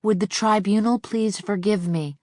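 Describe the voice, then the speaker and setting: A woman's voice: medium pitch, fairly even intonation, normal speed, darkish tone, no room sound, lightly acted. A trembling male witness pleads meekly with the court, close to tears, as a woman narrator reads his words. Her delivery stays close and dry in the recording. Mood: pleading. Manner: meek, pleading. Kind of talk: scripted audiobook narration.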